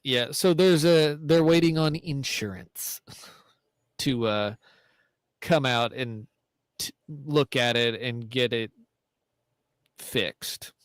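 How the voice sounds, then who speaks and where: Brief: average-pitched male co-host, meandering storyteller, dry mic. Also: slow, pauses often, no room sound, rough recording. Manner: rambling, self-correcting. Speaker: podcast co-host. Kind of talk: casual podcast storytelling.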